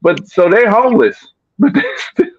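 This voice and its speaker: Animated man on a dry, dull recording. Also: high voice, moderate pace, breathy edge, no echo. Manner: animated, repeats phrases. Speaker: panelist. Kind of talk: heated panel talk.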